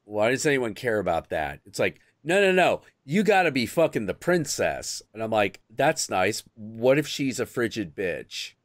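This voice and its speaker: A man's voice: normal speed, hardly any pauses, no room sound. Host guy ranting crude jokes, voice all over the place, dry close sound. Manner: crude, animated storytelling with sudden high squeaky impressions. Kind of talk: casual chat.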